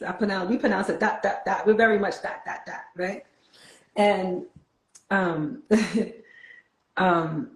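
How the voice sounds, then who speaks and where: A woman's voice: mid-range voice, fairly even intonation, slow, long pauses, reverberant, poor audio. A woman from New York with a New York accent hosting a casual spiritual talk, playful, laughing often and turning reflective.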